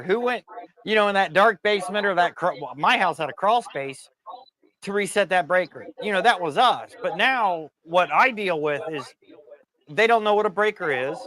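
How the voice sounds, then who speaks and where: A man with a high, light voice tells work stories on a talk stream, loose and conversational. He swears freely and sounds fed up with the people he describes. His delivery is blunt and exasperated. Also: fairly bright tone. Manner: profane, exasperated. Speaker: podcast co-host. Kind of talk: casual ranting storytelling.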